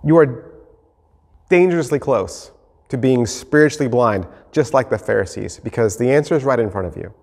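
A man preaching a sermon as pastor, reading scripture and then acting out the scene with lively shifts of voice. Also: mid-range voice. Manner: animated, acts out the disciples and Jesus in quick voices. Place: church sanctuary. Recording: long hall reverb.

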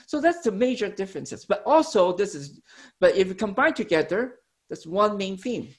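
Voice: mid-range voice, sing-song, moderate pace, a little mellow. A preacher delivers a teaching sermon with a voice that rises and falls freely. The speaker explains ideas step by step for the congregation. Phrases often stop and restart as they self-correct.

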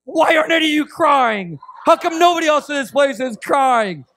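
A man's voice: very high voice, animated, normal speed, a little hiss or hum, pitched above the performer's own voice, exaggerated voice. A man doing a weepy, wailing sympathizer. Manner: sobbing, emotional, loud. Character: weepy, overly sympathetic man with the gift of mercy.

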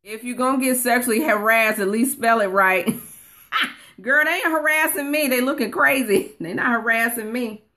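A woman's voice: a little high, normal speed, bright, forceful tone. A woman coaching viewers on a casual live stream, chatting and reading comments aloud, calling people honey. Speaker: online course coach.

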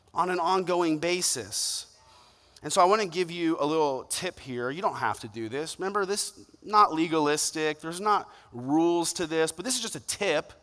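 A man preaching a sermon, telling stories with lively quoted voices. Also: fairly high pitch. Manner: animated storytelling with playful quoted voices. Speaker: pastor. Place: church auditorium. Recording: long reverb of a large hall.

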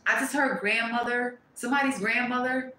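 A woman reading tarot to camera, blunt and profane, breaking into loud exclamations and dropping to quieter asides. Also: a little high, steady tone, normal speed, echoey room, a little hiss or hum, low-quality recording. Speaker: tarot reader.

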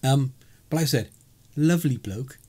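A man's voice: medium pitch, expressive, moderate pace, a little mellow, breathy edge. A man co-hosting a podcast, recapping a live role-play event in casual chat, rambling and chuckling with many fillers. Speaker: podcast co-host.

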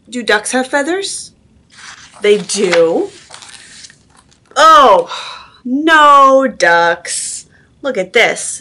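Animated woman reading to toddlers. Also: mid-range voice. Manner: animated, sing-song, asks the children questions. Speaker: children's librarian. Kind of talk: toddler story time read-aloud. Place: library.

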